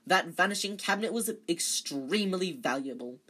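A reader voicing a furious, spluttering old male school caretaker, loud and stammering. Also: medium pitch, expressive, moderate pace. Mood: gleeful.

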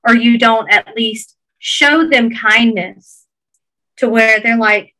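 A woman's voice: on the high side, steady tone, takes it slowly, bright, forceful tone, rough recording. A woman with a Georgia Southern accent, earnestly encouraging listeners in a casual podcast chat.

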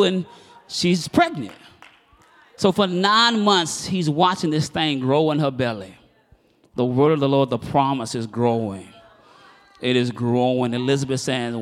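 A man's voice: mid-range voice, moderate pace, long reverb tail. A male pastor preaching a sermon in a church, telling stories with animation and building to impassioned, fiery preaching.

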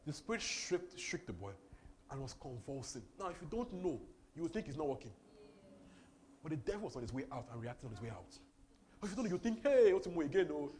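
A man preaching over a Bible reading, animated and laughing often, with repeated exclamations. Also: fairly high pitch, a little hiss or hum. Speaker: preacher leading a Bible study. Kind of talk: lively sermon commentary.

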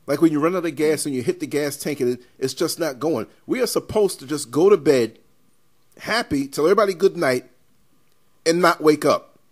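Animated New man, fairly high voice. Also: brisk. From New York. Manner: animated storyteller, emphatic and rambling. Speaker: podcast host. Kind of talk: casual podcast chat.

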